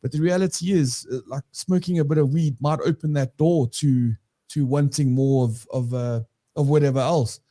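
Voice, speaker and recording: A man's voice: fairly high pitch, steady tone, moderate pace, warm tone. A man co-hosting a recovery podcast, talking in a rambling, self-correcting conversational way. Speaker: podcast co-host. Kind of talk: casual recovery discussion.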